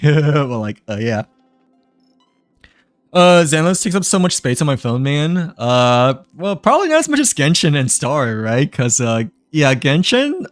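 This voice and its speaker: Young guy live streaming, lots of um and like, a bit stuffy nosed, faint music behind. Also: medium pitch. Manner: rambling, many fillers and self-corrections, laughs often. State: runny nose, a little out of breath. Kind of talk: casual live stream chat.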